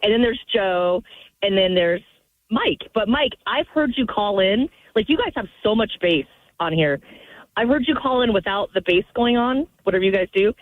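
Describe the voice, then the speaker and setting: A woman's voice: medium pitch, animated, moderate pace, no echo. A woman calling in from her car, chatty and apologetic, gushing about the hosts' voices. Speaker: caller. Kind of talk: phone-in chat. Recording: tinny phone line.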